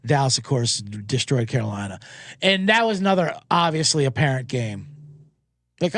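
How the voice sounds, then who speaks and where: A man's voice: on the high side, big pitch swings, a little fast, a bit bright, dry recording, clean studio sound. A man hosting a sports betting show, recapping games in a rambling, profane, joking way and slipping into mocking voices.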